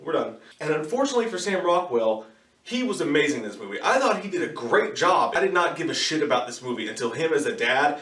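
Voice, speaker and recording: A man tears through a casual movie review, cursing freely and throwing in quick mocking impressions. His voice sits a bit high and leaps up and down with every point he makes. The sound is roomy and echoey, with the mic set back from him. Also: recorded from a distance. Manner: profane, animated ranting with impressions. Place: in his car. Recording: echoey room, voice somewhat off-mic.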